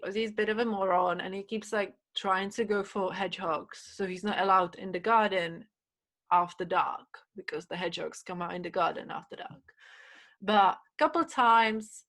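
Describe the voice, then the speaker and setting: Woman guest on a podcast, chatty, lots of likes, acts out quotes, mid pitch. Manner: animated storyteller, many fillers, acts out quotes. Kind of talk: casual chat.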